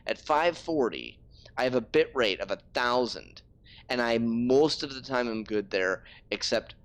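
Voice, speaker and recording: A man's voice: medium pitch, fairly bright tone. A man streaming a game live, ranting in frustration and swearing freely. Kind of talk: casual live-stream talk.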